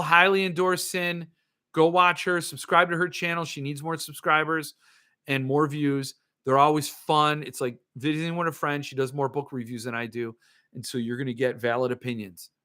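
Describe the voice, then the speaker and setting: A man's voice: fairly high pitch, bright, forceful tone. A man hosting a livestream, ranting sarcastically and answering viewer comments in casual chat. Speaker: podcast host.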